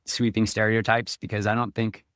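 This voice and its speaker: A man's voice: lowish voice, level tone, moderate pace, fairly bright tone, no room sound, clean studio sound. A man hosting an interview as a speech therapist, asking curious questions in an agreeable, hedging way. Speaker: podcast host, speech therapist. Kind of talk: interview conversation.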